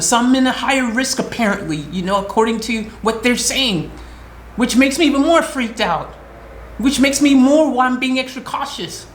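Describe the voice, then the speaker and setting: American woman venting on her vlog, worked up, voice jumps when she quotes herself, roomy echo. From United States. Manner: agitated, re-enacts her own replies with rising pitch. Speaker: vlogger. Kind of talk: emotional storytime rant.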